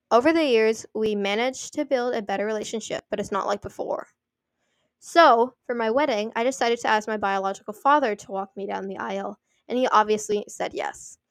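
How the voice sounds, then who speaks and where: A young woman reading online posts aloud and adding chatty commentary, full of "like" and quick apologies for her slips. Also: fairly high pitch, no echo, clean studio sound. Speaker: story reader and commentator.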